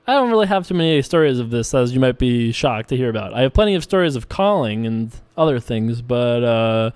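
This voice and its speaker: A man's voice: medium pitch, lively intonation, fairly quick, a little mellow, smooth. A young man hosting a poker channel, chatting casually and rambling as he plays and reads viewer questions aloud. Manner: rambling, chatty, self-correcting. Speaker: online poker vlogger. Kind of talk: casual commentary while playing.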